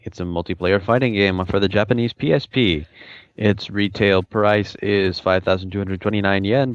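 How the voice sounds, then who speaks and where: A man co-hosting a fan podcast, measured and steady, reading listener email. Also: on the low side, no room sound, highs cut off. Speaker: podcast co-host.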